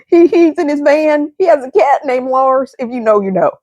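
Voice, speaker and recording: A young adult woman vlogging, telling her story in a rambling, emotional way, repeating words and swinging from high excited tones to low subdued ones. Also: normal speed, few pauses, no room sound. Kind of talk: candid storytelling monologue.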